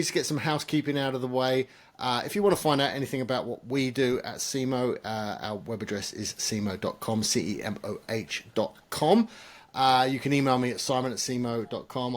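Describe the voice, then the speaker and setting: Laid-back male podcast host. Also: medium pitch. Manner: relaxed, self-deprecating, frequent ums and uhs. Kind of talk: casual podcast chat.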